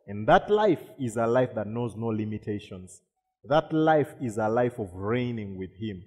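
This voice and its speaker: A man's voice: fairly low pitch, expressive, unhurried, a little mellow, husky. A man preaching a sermon, repeating words and asking the congregation questions. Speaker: pastor. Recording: long reverb of a hall.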